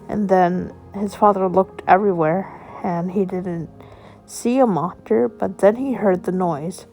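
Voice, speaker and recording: A woman narrating a children's bedtime story in a slow, gentle storytelling manner. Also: mid-range voice, faint music behind.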